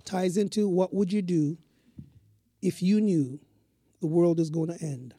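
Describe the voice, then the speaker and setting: Calm reflective man telling a story. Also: high-pitched, unhurried, dry recording, studio quality. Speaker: co-host. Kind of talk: casual spiritual talk show chat.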